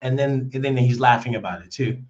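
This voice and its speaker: A man's voice: medium pitch, brisk, highs cut off. A man telling a story on a live stream in casual, rambling talk, cursing and restarting his sentences often. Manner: rambling, profane, with many restarts.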